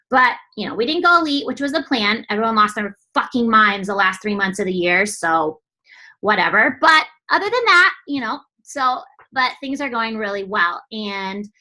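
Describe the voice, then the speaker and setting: A young woman coach giving a blunt, lively motivational talk to her team, swearing often and mimicking others in quick asides. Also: fairly high pitch.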